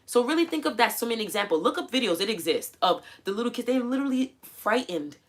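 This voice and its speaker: A woman hosting a livestream, coaching viewers in a casual, animated way and acting out quoted voices as she goes. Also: a little high, fast talker. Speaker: livestream host. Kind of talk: casual motivational livestream talk.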